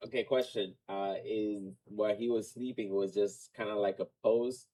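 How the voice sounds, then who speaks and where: Mellow low-voiced man playing a tabletop game. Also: fairly even intonation, unhurried, breathy edge, poor audio. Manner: hesitant, asks questions. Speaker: player.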